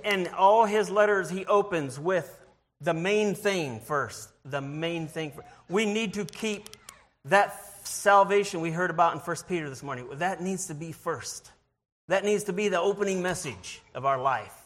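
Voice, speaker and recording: A man with a slightly high voice preaching an informal sermon to his congregation. He talks earnestly and haltingly, stumbling into restarts and repeated words. When he reads scripture, his voice drops lower and slows. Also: fairly bright tone. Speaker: lay preacher.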